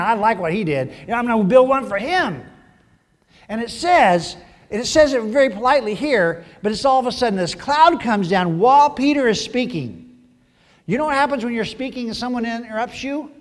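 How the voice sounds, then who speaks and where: A high-pitched man delivers an animated sermon in a church sanctuary, his voice carrying a long hall reverb. He swings between loud bursts and hushed asides, acting out the voices he quotes. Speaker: pastor.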